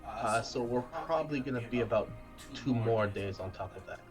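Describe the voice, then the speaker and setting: A man voicing a male traveller who answers a message in a hesitant, halting way, with fillers. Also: medium pitch, music in the background, lightly acted. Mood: apologetic. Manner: hesitant, filler-laden reply.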